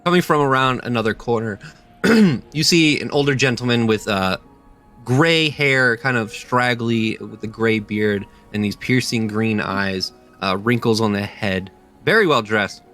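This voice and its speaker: A man narrating a tabletop game as game master, halting and full of fillers as he describes scenes. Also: medium pitch, fairly bright tone, faint music behind. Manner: halting, many fillers, slips into character voices.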